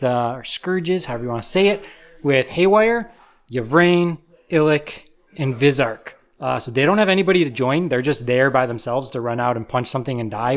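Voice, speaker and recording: A man in a laid-back, easygoing manner walks through his army and where he placed it. He often pauses with fillers as he talks. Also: medium pitch, a bit bright. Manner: laid-back, filler-heavy, explains deployment. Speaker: co-host player. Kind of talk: casual battle report talk.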